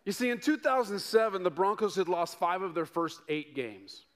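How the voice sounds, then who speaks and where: A middle-aged man from Denver preaching a sermon to his congregation, telling stories with playful asides and mounting excitement. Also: high-pitched, normal speed. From Denver, United States. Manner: animated storytelling with rising excitement and playful asides. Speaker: pastor.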